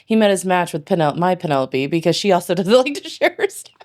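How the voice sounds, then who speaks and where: A woman's voice: fairly low pitch, big pitch swings, fast talker, darkish tone. A woman who is a guest on a podcast, chatting casually and giggling as she talks. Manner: amused, giggly. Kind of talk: casual chat.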